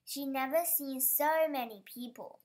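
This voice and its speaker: Woman reading kids' storybook, slow, somewhat high voice, careful with slips. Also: darkish tone. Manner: careful, stumbles on some words. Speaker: storybook reader. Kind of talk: reading a children's picture book aloud.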